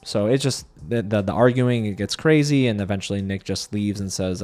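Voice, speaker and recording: A man's voice: on the low side, a little fast, darkish tone. A man giving a casual, sarcastic recap of a reality show, talking straight to his viewers with lots of animation.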